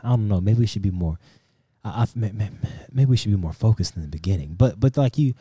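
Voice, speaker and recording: A man's voice: on the low side, fast, dark tone, husky, no room sound, clean studio sound. A young man co-hosting a podcast, casually telling a long story with quoted voices and stammering restarts. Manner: rambling, retells with quoted voices, stammers when worked up. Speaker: podcast co-host.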